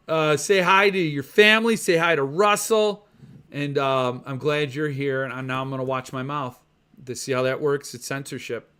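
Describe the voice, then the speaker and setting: A man hosting a casual livestream, rambling and gushing excitedly while chatting with viewers. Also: a little high, normal speed, smooth. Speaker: podcast host. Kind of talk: casual livestream chat about book collecting.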